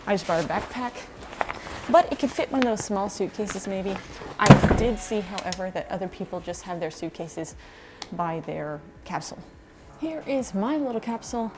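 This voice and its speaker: A woman's voice: medium pitch, lively intonation, moderate pace, heavy background noise. A woman vlogging a tour of a capsule hotel, chatty and informal, talking to a handheld camera indoors. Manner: chatty and informal, with frequent fillers. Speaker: travel vlogger. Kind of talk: casual vlog tour.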